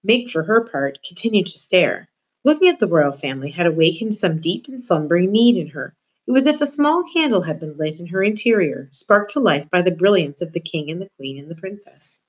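A woman reading a children's novel aloud, in a steady, expressive storytelling voice. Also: fairly low pitch, brisk, rough recording. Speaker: reader.

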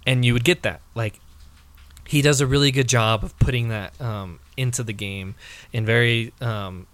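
A man's voice: mid-range voice, fairly even intonation, normal speed, fairly bright tone, dry recording. A man co-hosting a casual video game discussion, talking in a hesitant way with many fillers and restarts.

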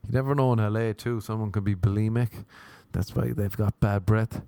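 A man's voice: steady tone, fairly quick, creaky, dark tone, dry recording. Rambling, profane Irish man. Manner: rambling, profane, self-mocking, with sudden jumps in pitch. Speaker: podcast host. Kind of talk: solo comedic monologue. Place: Los Angeles.

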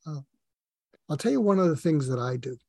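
A man's voice: fairly high pitch, expressive, brisk, vocal fry, darkish tone, no echo. A middle-aged man, a podcast guest, telling personal stories in an earnest, rambling way with many fillers. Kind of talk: casual personal storytelling.

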